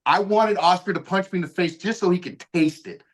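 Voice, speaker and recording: A man's voice: high voice, a little fast. A man hosting a podcast, telling a story casually, swearing a lot and acting out what people said. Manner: profane, acts out quoted lines. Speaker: podcast host. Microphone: podcast mic.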